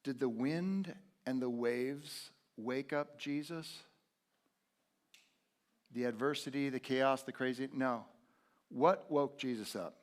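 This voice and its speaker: A middle-aged man preaching a sermon as pastor, telling stories with big swings from hushed to loud. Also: mid-range voice, slow pace, pauses often. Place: church sanctuary.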